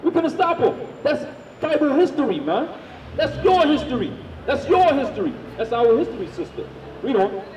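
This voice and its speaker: A man street preaching, loudly firing questions at the crowd and drilling his points home. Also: very high voice, very animated, moderate pace, slight background noise. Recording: echoey, from far off.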